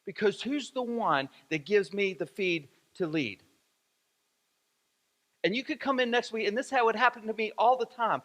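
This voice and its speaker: A man's voice: high voice, expressive, moderate pace, sharp tone. A male pastor preaching a sermon in a church, repeating phrases for emphasis. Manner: repetitive, emphatic preaching with rising fervor. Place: church sanctuary. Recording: echoey church hall.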